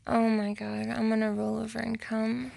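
A woman recording an intimate voice message to her partner, talking in a slow, teasing way that slips into whispers. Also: completely flat delivery, vocal fry, a little mellow, no echo. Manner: slow, low-key and teasing, slipping into whispers.

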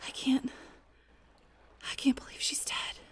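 A woman's voice: measured pace, whispered, natural voice. A woman playing a frazzled young camp counselor who swears in exasperation and laughs nervously. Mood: miserable.

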